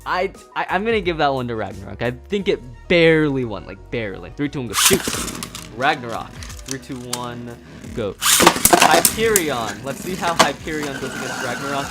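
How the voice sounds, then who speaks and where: A man hosting a casual toy unboxing and review, eager and excitable, laughing often and restarting his sentences. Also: medium pitch, moderate pace, music in the background. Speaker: toy reviewer and channel host.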